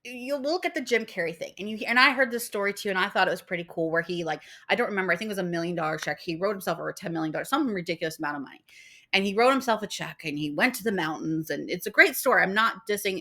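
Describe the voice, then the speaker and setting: At a quick pace, a young woman with a fairly low, expressive voice sounds pushed and bright while ranting casually to camera. She's a spiritual vlogger who gets worked up over spiritual ideas, swears often and imitates other people.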